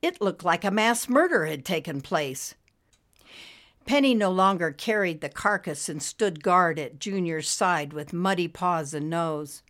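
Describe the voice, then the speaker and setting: Storybook narrator: a woman with a lowish voice, reading in a steady, plain way. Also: unhurried. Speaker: audiobook narrator.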